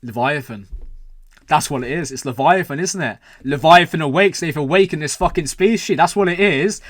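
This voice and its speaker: A young man hosting a show reaction, rambling excitedly with lots of "like" and "man". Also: on the high side, normal speed, no echo. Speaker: reaction video host. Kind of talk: excited casual reaction talk.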